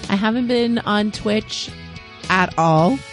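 A podcast host with a hoarse voice, chatting casually and eagerly about a film they loved and urging listeners to watch it. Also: medium pitch, slow, soft background music. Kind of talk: casual movie review chat.

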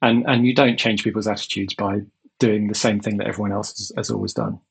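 A man answering interview questions about his company's life insurance, in an earnest, measured way with long explanations. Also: on the low side, steady tone, poor audio. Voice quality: gravelly and husky.

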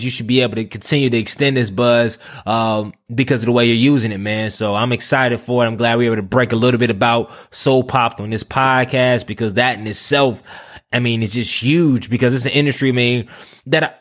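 A man hosting a casual podcast, eager and friendly, stumbling over repeated words and calling his guest "man". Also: mid-range voice. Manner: eager, stammering restarts, calls guest "man" and "bruh". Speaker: podcast host.

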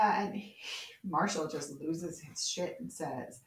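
A woman with a slightly low voice, chatting casually as a podcast co-host. She retells scenes with animation and quotes the characters as she goes. Her voice carries a roomy echo. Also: takes it slowly, hardly any pauses. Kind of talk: casual chat recapping a soap opera.

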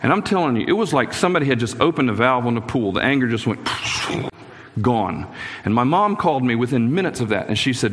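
A man's voice: mid-range voice, big pitch swings, fast. A middle-aged man preaching a sermon, earnest and personal, telling his own stories with frequent restarts. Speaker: pastor. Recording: echoey hall with long reverb.

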